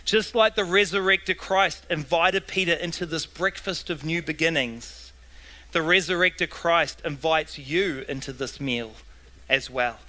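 A man preaching a sermon to his church in a slow, earnest way. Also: a little high, pushed and bright, rough recording. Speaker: pastor.

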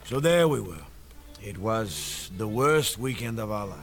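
A man's voice: lowish voice, animated, measured pace, slight background noise. A man playing a folksy older disciple in a church comedy skit, telling the tale with homespun sayings. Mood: wry.

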